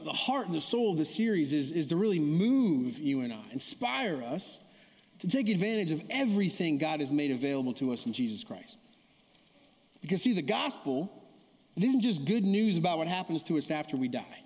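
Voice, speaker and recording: A man's voice: fairly high pitch, animated, fairly quick, a little mellow. A man preaching a sermon as pastor, telling stories in a conversational way, often checking in with the congregation and asking for responses. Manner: conversational, keeps asking the audience "right?"; calls for audience response. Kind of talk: sermon with storytelling. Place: church sanctuary. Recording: long hall reverb.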